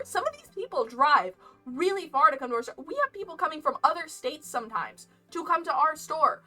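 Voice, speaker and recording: A woman's voice: sits high, very animated, brisk, bright, forceful tone, distant mic. A young woman streamer telling a casual story, chatty and rambling with frequent laughs. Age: young adult. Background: lo-fi game music.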